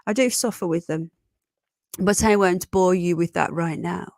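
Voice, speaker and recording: A woman hosting a casual live stream, congested from a sinus infection, greeting viewers warmly as darling and sweetheart and swearing bluntly. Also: fairly low pitch, moderate pace, dry recording, clean studio sound. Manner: chatty, affectionate, calls viewers darling and sweetheart.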